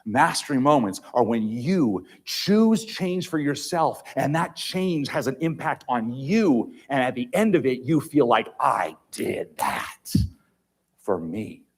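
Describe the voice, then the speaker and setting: Husky man giving an emphatic stage talk. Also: medium pitch, expressive, measured pace, few pauses. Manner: emphatic, dramatic shifts between loud and quiet. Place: large auditorium.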